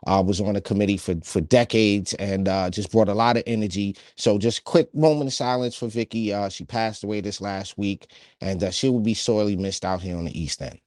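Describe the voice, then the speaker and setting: A man co-hosting a casual political podcast, talking with energy in quick bursts and frequent restarts. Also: on the low side, a little mellow, dry recording, studio quality. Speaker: podcast co-host.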